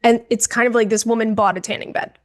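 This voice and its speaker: A young woman co-hosting a podcast, telling a story in a casual, animated, dramatic way and calling the listener "girl". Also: a little high, fast. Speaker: podcast co-host.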